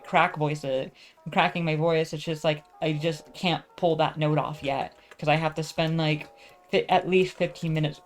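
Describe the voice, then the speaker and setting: Rambling, swearing young woman vlogger. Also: deep voice. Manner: rambling, self-deprecating, swears a lot, many fillers. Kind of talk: casual rambling chat.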